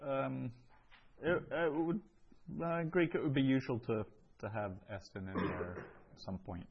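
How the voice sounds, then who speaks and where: A man's voice: medium pitch, unhurried, breathy edge, lo-fi sound. A man teaching a Greek class, explaining step by step with frequent ums. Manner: patient, explanatory, with many ums. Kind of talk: classroom lesson.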